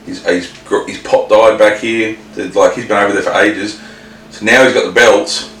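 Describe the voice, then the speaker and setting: Co-hosting a laid-back podcast, this Australian man rambles, swears and restarts his sentences often. His lowish voice is fairly bright, with a steady tone and moderate pace. A distant mic captures a roomy sound with faint noise.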